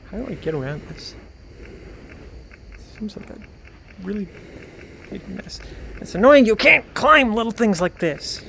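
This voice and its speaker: A young man from Canada chats loosely through a game stream, drifting between remarks to his viewers and half-muttered asides. His voice sits notably high for a man. It is picked up on a headset mic with faint background noise. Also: very animated, measured pace, creaky, pauses often, bright, forceful tone. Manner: rambling, talks to himself and chat, mutters under his breath. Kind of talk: casual gameplay commentary.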